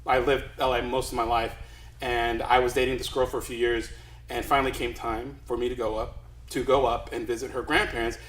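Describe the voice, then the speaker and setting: Bright, chatty man telling a story. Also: mid-range voice, little pitch movement, brisk, roomy sound, poor audio. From Los Angeles, USA. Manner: chatty, self-deprecating, rambling. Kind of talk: live comedic storytelling.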